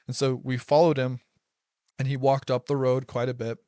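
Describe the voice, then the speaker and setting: A man's voice: mid-range voice, little pitch movement, normal speed, warm tone, no echo, clean studio sound. A young man casually telling a personal story, rambling, with lots of "like" and restarts. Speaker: podcast host telling personal stories.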